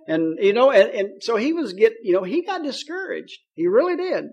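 A preacher with a notably high voice for a man delivers a sermon. He talks in a folksy, conversational way and paraphrases scripture in plain speech. When he reads verses aloud, he slows down on the key phrases. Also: big pitch swings, a little mellow.

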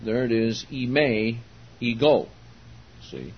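An older man delivers a Bible-teaching sermon at an unhurried pace, lingering on words and punching the important ones. His voice sits at an ordinary pitch. The recording is dull and lo-fi, with a faint hiss underneath. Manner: slow, deliberate, emphatic on key words, with asides to the congregation. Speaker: preacher.

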